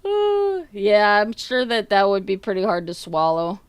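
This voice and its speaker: Casual woman streamer with a smooth voice. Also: medium pitch, no echo. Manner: laughing, swearing, retelling chats with friends and family. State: coughing. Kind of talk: casual livestream chat.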